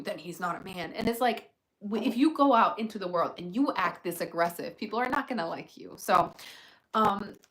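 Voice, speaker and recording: A woman's voice: on the high side, a bit bright, poor audio. Chatty young woman giving frank advice. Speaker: livestream host. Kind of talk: casual livestream chat.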